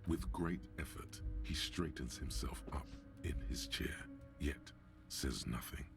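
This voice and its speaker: A man's voice: extremely low pitch, takes it slowly, creaky, music in the background, full character voice. An actor voicing a dry, wry male narrator of a detective's inner thoughts in a video game.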